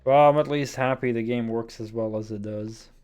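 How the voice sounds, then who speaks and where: A man's voice: mid-range voice, normal speed, darkish tone, clear, resonant tone. A man streaming a game, chatting casually as he wraps up, rambling and hesitant with many fillers. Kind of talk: casual stream sign-off chat.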